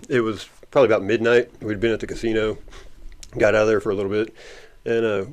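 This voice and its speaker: A man's voice: lowish voice, fairly even intonation, fast. A man telling a story as an interview guest, rambling and laughing often. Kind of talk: casual storytelling.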